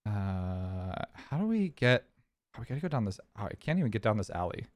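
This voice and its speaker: A man's voice: on the low side, very animated, fairly quick, a little mellow, dry recording, clean studio sound. A man from California streaming, telling a story in a casual, rambling, chatty way. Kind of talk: casual chat.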